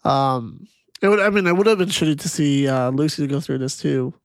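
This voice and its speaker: A man on a podcast who chimes in often and thinks aloud about the film in casual talk. His voice sits a little high for a man. The recording is close and dry. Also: a little fast, dry recording. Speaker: podcast co-host.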